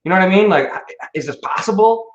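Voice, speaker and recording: Man, livestream co-host, rambling, profane, excitable, raised pitch, echoey room. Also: fast talker. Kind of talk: casual livestream chat. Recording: lo-fi roomy online stream audio.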